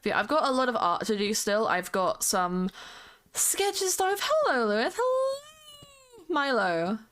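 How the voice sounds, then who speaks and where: A woman's voice: medium pitch, lively intonation, measured pace, a bit bright. A woman streamer chatting casually with viewers while she plays, greeting them by name and humming along to music. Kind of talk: casual live-stream chat while playing a game.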